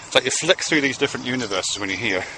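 A man's voice: medium pitch, expressive, fast, pushed and bright, a little hiss or hum. A man talking to his son in a meandering, conversational monologue, swearing casually now and then. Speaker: father speaking to his son. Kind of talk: rambling monologue to camera.

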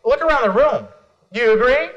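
Energetic high-voiced male keynote speaker. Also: a little fast, highs cut off. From United States. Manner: energetic, calls for audience responses. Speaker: motivational speaker. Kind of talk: live conference keynote. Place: conference room with audience.

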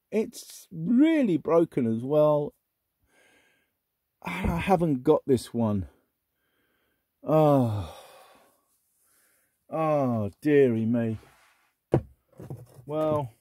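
A man with a husky, mellow, lowish voice talks casually to camera as he sorts through old records at home. He rambles and thinks aloud, breaking into bursts of excitement. The sound is close and dry. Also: no room sound. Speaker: record collector host. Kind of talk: casual unboxing chat.

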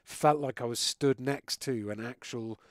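A British man chatting away while he streams a game, his talk loose, jokey and peppered with swearing. His voice sits at an ordinary middle pitch, recorded close and dry with no room sound. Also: a little slow, no room sound. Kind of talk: casual chat while gaming live.

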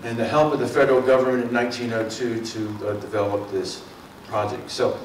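A man's voice: medium pitch, flat delivery, fairly quick, slight background noise. Middle-aged man, Philadelphia and South Jersey accent, folksy rambling public talk, lots of fillers, echoey room, distant mic. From Mid-Atlantic US. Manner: folksy and rambling, with many fillers and self-corrections. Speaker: water district speaker. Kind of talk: public talk to a community forum. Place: meeting room.

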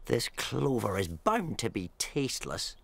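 A woman voicing a greedy, boastful male rat highwayman, demanding and gloating. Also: big pitch swings, a little slow, vocal fry, noisy background, heavily acted. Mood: scornful.

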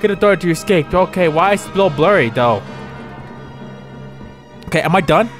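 Young dude gaming, jumpy, yelling and cussing at jump scares, rambly after, high voice. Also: male voice, fairly quick, faint music behind. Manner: excitable, yelps and swears at scares; rambling, self-correcting outro recap. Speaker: gaming YouTuber. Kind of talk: reactive gameplay commentary.

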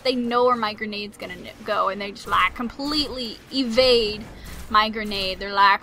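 A woman streaming a video game with high, very bright, bubbly commentary. She is playful and excitable, teasing enemies and tossing in goofy sound effects. A faint hum of noise sits under her voice. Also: normal speed. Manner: makes silly sound effects. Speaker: gaming channel host. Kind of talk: let's play commentary.

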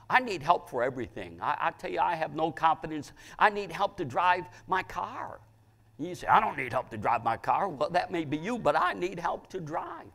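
Older male pastor, gravelly and raised, fervent sermon delivery with restarts. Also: a little high. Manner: fervent preaching, crying out loudly, frequent stammered restarts.

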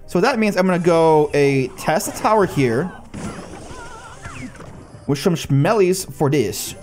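A young man giving excited live commentary on his own gameplay, talking to his cards and his viewers and calling himself a nub. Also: on the high side, slow pace. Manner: excitable, talks to the cards and the viewers, self-mocking. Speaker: gaming YouTuber. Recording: faint music bed behind the voice.

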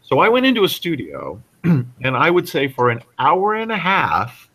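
A middle-aged man, a voice actor guest on a podcast, telling animated stories with a lot of halting restarts. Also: on the high side, slightly rough. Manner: animated storyteller with many restarts. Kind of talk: casual podcast interview.

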